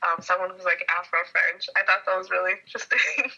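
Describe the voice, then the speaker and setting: A woman's voice: fairly low pitch, fairly even intonation, a little fast, vocal fry, sharp tone, highs cut off, slight background noise. A young woman with an American accent, chatting casually as a guest, with many fillers. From United States. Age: young adult. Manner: chatty, frequent fillers and laughs. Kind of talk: casual conversation.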